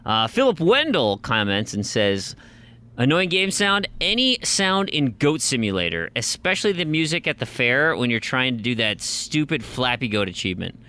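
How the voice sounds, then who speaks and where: A man co-hosts a casual gaming podcast, and his pitch swings all over as he tells a story. His tone is bright and forward. He acts out the lines he quotes. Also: very animated, moderate pace, smooth. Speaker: podcast co-host. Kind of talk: casual chat.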